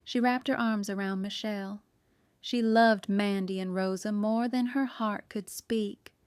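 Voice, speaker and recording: A woman narrating an audiobook with an even storytelling delivery. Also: medium pitch, a little slow, clean tone, dry recording, studio quality. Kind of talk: scripted narration.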